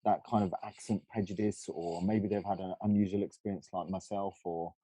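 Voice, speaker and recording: A man's voice: low-pitched, steady tone, a little fast, mellow, dry recording. A man with a Cockney accent co-hosting a panel discussion, talking casually with many fillers and restarts. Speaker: discussion co-host.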